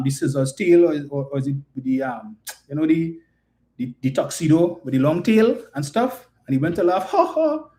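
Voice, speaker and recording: A man's voice: on the high side, darkish tone. A man with a Trinidadian accent giving an emphatic, indignant political commentary monologue full of rhetorical questions.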